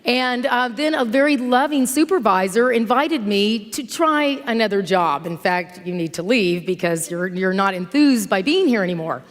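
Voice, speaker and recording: A middle-aged woman preaches in an easy, conversational voice at a middle pitch. She tells stories with animation. Her voice rings with the long reverb of a church sanctuary. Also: expressive, moderate pace, few pauses. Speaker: minister. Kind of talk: sermon with storytelling.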